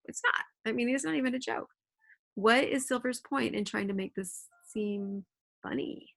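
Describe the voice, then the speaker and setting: A woman's voice: on the high side, normal speed, vocal fry, fairly bright tone. A woman teacher reading a novel aloud to her students at home and explaining it in a casual, chatty way, checking in with her listeners, recorded on a computer mic. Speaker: middle school English teacher.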